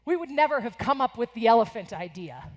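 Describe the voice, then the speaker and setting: An American woman in her forties giving an energetic, animated motivational keynote to students in a large conference hall. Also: on the high side, a little fast. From United States. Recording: echoing convention hall.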